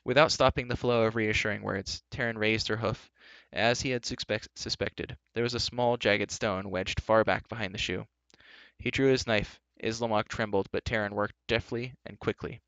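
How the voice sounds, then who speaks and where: A man narrating a live storybook reading in a steady, even way. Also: lowish voice, normal speed, smooth, dry recording, highs cut off.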